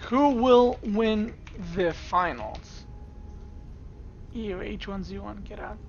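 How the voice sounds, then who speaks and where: A woman's voice: mid-range voice, takes it slowly, a little mellow, muffled recording, a little hiss or hum. A woman streamer giving casual esports commentary, chatting straight to her viewers from a home streaming setup. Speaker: streamer and caster.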